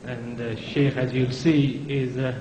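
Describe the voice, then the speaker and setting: A man's voice: medium pitch, flat delivery, measured pace, highs cut off. Man, event host, polite hesitant announcements, echoey noisy hall. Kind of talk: closing announcements. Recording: echoey hall with background noise.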